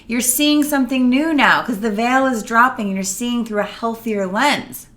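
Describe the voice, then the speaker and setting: Middle-aged female coach, earnest and animated, bright tone, casual address to camera. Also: a little high, moderate pace. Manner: earnest, animated, acts out quotes. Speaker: emotional wellness coach.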